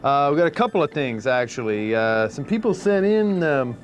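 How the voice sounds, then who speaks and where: A man's voice: a little high, expressive, normal speed, soft background music. A man hosting casually, hesitant and full of fillers. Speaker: host.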